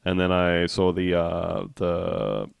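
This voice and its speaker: A man's voice: low voice, expressive, slow, vocal fry, clear, resonant tone, no room sound. A man hosting a podcast in wry, jokey casual chat. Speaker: podcast host.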